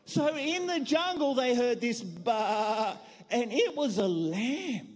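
A woman telling a lively children's story at church, asking the children questions and getting them to join in. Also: fairly high pitch, slow pace. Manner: animated, playful, asks the children questions. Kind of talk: children's story with audience prompts. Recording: long church hall reverb.

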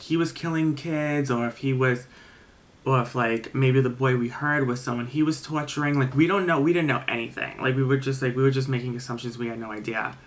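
Young guy for a storytime vlog, rambling, filler-heavy, swears casually, mid-pitched voice. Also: a bit bright.

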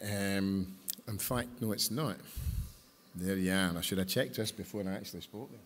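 A man's voice: low-pitched, normal speed. Older man, Scottish accent, chatty storyteller, church talk, long hall reverb. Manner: chatty, jokey, asks the audience questions. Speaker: speaker at a church service.

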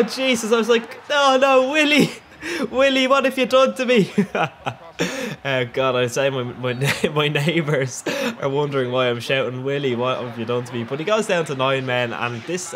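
A young man with an Irish accent doing cheeky, excitable voice-over commentary on his own gameplay, laughing often. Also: medium pitch, noisy background. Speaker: gaming channel host.

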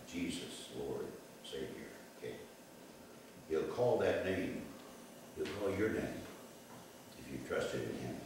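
A man preaching a sermon in an animated way, swinging from loud calls to soft, low lines. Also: background noise. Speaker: pastor. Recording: echoey room, mic far off.

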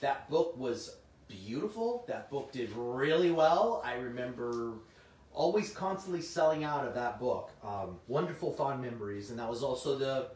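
A middle-aged man, slightly hoarse, hosting a comic shop livestream in casual, chatty talk and answering viewers' comments. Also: mid-range voice, animated, moderate pace, a little mellow. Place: indoor room. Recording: roomy, distant mic, faint noise.

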